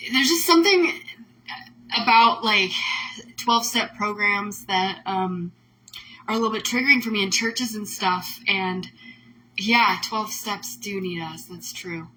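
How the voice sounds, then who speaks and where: A woman's voice: mid-range voice, slow pace, pauses often, pushed and bright, a little hiss or hum, rough recording. A woman host talking casually on a livestream, emotional and rambling, full of "like" fillers. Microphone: phone or webcam on a livestream.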